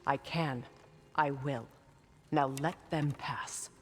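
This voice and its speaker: A woman's voice: extremely low pitch, slow, long reverb tail, faint music behind. An actress playing a determined female goddess commander, speaking in a commanding, urgent way.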